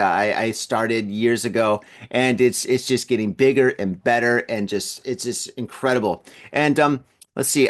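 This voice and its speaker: Male podcast host, easygoing solo chat, quick to laugh, mid-range voice. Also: medium pitch. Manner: chatty, easygoing, laughs often. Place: at home in an apartment building.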